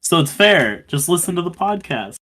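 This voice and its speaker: A man's voice: high-pitched, sing-song, bright, forceful tone. A man co-hosting a podcast in casual chat, venting with lots of swearing. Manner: profane, quick to vent frustration. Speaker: podcast co-host.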